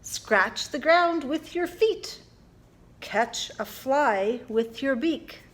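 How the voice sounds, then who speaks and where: Woman children's librarian, high and slow, playful storytime reader who leads kids in actions. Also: lively intonation. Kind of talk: family storytime reading for young children.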